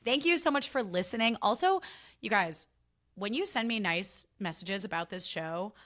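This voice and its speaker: A woman's voice: medium pitch, expressive, normal speed, fairly bright tone. A young woman hosting her own podcast, chatting casually and candidly, swearing freely and getting worked up when she rants. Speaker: podcast host. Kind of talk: casual solo podcast chat.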